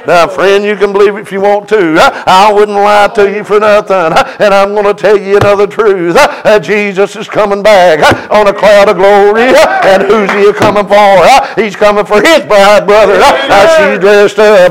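High-pitched preacher man. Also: fairly even intonation, moderate pace, poor audio. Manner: preaching with frequent "uh" fillers, rising into high chanted cries. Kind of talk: sermon testimony.

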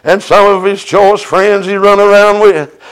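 High-pitched preacher man. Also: steady tone, unhurried, fairly bright tone, smooth, rough recording. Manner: preaching with frequent "uh" fillers, rising into high chanted cries. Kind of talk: sermon testimony.

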